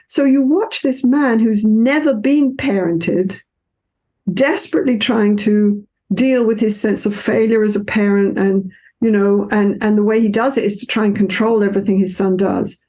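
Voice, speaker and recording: An older woman, a couples therapist, telling stories in an interview in a warm, anecdotal way with many fillers and restarts. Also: mid-range voice, unhurried. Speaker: couples therapist, podcast guest. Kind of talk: reflective interview storytelling.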